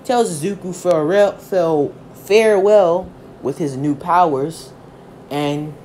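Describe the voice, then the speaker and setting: A storyteller rambling through an improvised fan story in a loose, halting way. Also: medium pitch, mellow, a little hiss or hum.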